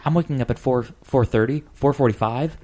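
A man's voice: medium pitch, warm tone. A man hosting a podcast, telling rambling stories in casual chat and slipping into voices. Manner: rambling, quick storytelling, puts on voices. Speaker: podcast host.

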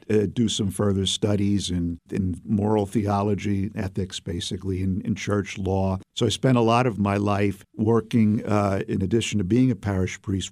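A man, a bishop telling stories in a relaxed interview, rambling with many fillers and restarts. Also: fairly low pitch, no echo, studio quality. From Brooklyn, New York. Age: 70s. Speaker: Catholic bishop, interview guest. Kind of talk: casual storytelling interview.

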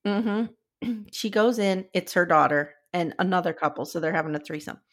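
A woman's voice: on the low side, normal speed. A woman co-hosting a podcast, chatting casually and retelling scenes with quoted lines. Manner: animated storytelling, recapping scenes with quoted lines. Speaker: podcast co-host. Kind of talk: casual chat.

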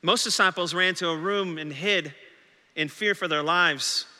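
A man's voice: high-pitched, unhurried, pushed and bright, big-room sound. A male senior pastor preaching a dramatic sermon, acting out the anxious questions of doubting disciples. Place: church sanctuary.

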